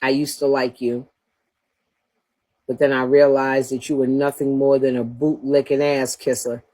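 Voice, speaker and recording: A woman's voice: rumbling low, level tone, a little slow, mellow. A woman hosting a livestream, talking bluntly and profanely in a trash-talking rant, breaking into laughter often. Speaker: livestream host.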